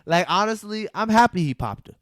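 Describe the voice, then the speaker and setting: Man, podcast co-host, higher-pitched voice, animated movie recap, acts out quotes, dry close sound. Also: brisk, no echo. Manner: animated retelling, acts out characters' lines, laughs often. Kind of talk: casual movie recap chat.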